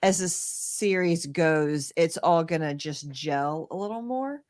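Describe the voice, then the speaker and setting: A woman's voice: deep voice, takes it slowly, a little mellow. A woman from Mississippi talks through a review in casual chat. She is opinionated and restarts her sentences as she goes. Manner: chatty, opinionated, trailing restarts. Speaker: podcast co-host.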